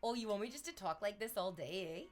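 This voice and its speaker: A woman's voice: medium pitch, lively intonation, fast talker, soft background music, lightly acted. A woman putting on a hammy mock Canadian drawl. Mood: mock sultry. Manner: hammy, teasing, leans on "eh". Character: exaggerated flirty Canadian stereotype, woman.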